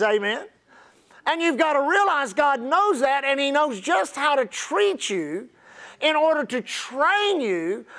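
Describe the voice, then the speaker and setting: A man preaching a sermon, telling folksy, humorous stories. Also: very high-pitched. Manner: folksy, humorous, animated storyteller. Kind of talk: sermon with storytelling.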